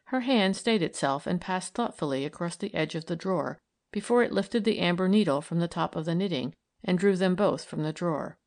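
A woman narrating a novel in a measured, even storytelling manner. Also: lowish voice. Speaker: audiobook reader. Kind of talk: scripted narration.

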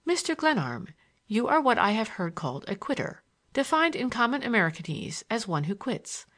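A woman's voice: medium pitch, sing-song, fairly quick. A woman voicing a scornful young woman who mocks with cold disdain in an audiobook.

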